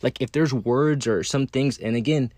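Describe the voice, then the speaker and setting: A man's voice: mid-range voice, moderate pace, darkish tone, no echo, clean studio sound. A young man talking to camera in a casual monologue, blunt and profane, full of fillers and restarts. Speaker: video creator.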